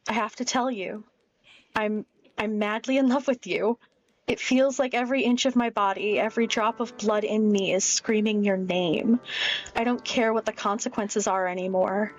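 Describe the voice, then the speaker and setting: A woman's voice: medium pitch, fairly even intonation, moderate pace, natural voice. A woman reading the lines of an obsessive young woman confessing unsettling love, intense and pleading, over a dull lo-fi mic with faint music.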